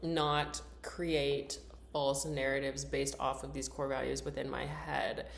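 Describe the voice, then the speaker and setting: A young woman with a low voice talks through her thoughts in a casual, rambling personal vlog. She often stops to restart a sentence and sometimes reads out questions from her journal. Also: level tone, slow, gravelly. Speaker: vlogger.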